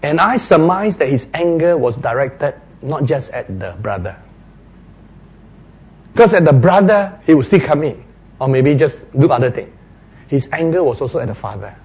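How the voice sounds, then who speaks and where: A man preaching in a husky, high-set voice that swings in pitch as he retells a story. He speaks slowly and playfully, acting out scenes as he goes. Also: animated, a little mellow. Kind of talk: sermon storytelling.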